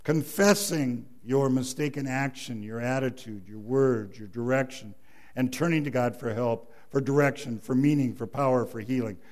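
A man's voice: mid-range voice, moderate pace, darkish tone. A man preaching a sermon as pastor, emphatic, quoting scripture and telling a joke story.

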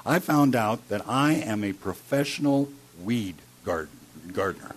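A man preaching a sermon as a pastor, telling a personal story and swinging between loud emphasis and hushed, quiet lines. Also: lowish voice, expressive, a little slow, few pauses, husky. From Iowa.

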